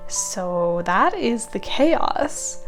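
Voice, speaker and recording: A woman with a Midwestern American accent, a linguist, reading a poem carefully and deliberately, then chatting casually to her viewers. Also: medium pitch, big pitch swings, faint music behind. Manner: careful, deliberate reading with slowed-down tricky words. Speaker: linguist and channel host.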